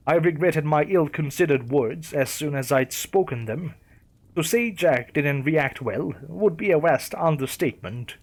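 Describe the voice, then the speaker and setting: A man reading a first-person horror story aloud with a steady storytelling delivery. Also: fairly high pitch. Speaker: narrator. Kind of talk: scripted horror story narration.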